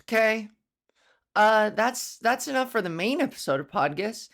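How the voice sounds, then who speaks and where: A woman with a touch of vocal fry hosts her own comedy podcast alone. She rambles playfully from one silly thought to the next and relishes old-fashioned, grandiose words. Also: a little high, expressive, moderate pace, fairly bright tone. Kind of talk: casual solo podcast monologue.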